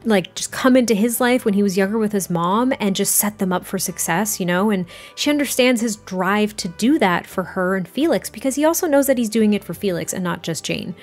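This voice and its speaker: Chatty woman narrating her sims story, lots of likes and you knows, quiet music behind. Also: medium pitch, expressive, a little fast, few pauses. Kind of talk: casual story narration over gameplay.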